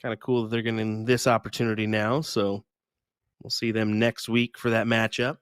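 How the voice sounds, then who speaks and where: A man's voice: fairly low pitch, flat delivery, normal speed, a bit bright, clear, resonant tone, no echo, clean studio sound. A man from Kansas doing chatty live commentary on a darts match, laughing often and using folksy sayings.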